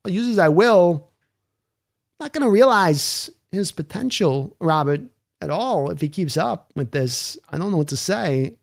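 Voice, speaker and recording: A man putting on an impression of a mournful older man who speaks in slow, broken-up phrases with odd pauses. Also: high-pitched, lively intonation, vocal fry, voice pushed up, exaggerated voice.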